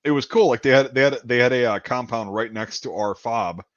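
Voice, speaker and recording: A man's voice: medium pitch, a little fast, dry recording. A man from Wisconsin telling a rambling story in casual chat, repeating words and acting out what people said. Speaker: podcast host. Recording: dull lo-fi dry sound.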